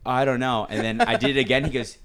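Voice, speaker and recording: A man co-hosting a podcast in casual chat, telling rambling, animated stories with lots of fillers. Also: medium pitch, fast, slight background noise. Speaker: podcast co-host.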